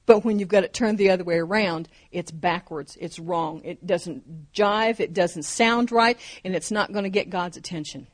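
A woman's voice: on the low side, normal speed, few pauses. Fervent woman preaching, emphatic repeats. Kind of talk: sermon.

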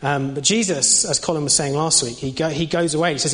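A man's voice: fairly high pitch, fairly even intonation, fairly quick, fairly bright tone. A young man preaching an informal sermon in a conversational way, with many fillers and restarts. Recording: long reverb of a hall.

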